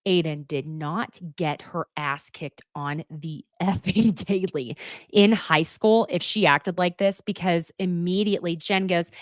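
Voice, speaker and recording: A woman hosting a live recap, talking in a sassy, animated way, swearing and laughing often as she comments. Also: on the low side, dry recording, studio quality. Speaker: host of a live recap show. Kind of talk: casual reality-TV recap commentary.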